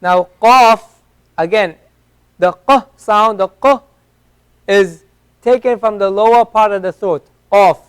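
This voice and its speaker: In an Islamic center classroom, a man leads an Arabic lesson, patiently repeating each letter sound for pronunciation. His high voice is clear and resonant, and he speaks slowly with long pauses.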